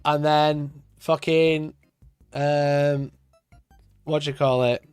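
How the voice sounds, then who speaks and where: A man's voice: fairly high pitch, little pitch movement, slow pace, darkish tone, clean tone, no echo, soft background music. A man from Sheffield with a Yorkshire accent, chatting casually on a live stream, swearing and laughing often as he rants. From Sheffield, Yorkshire, England. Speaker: wargaming streamer.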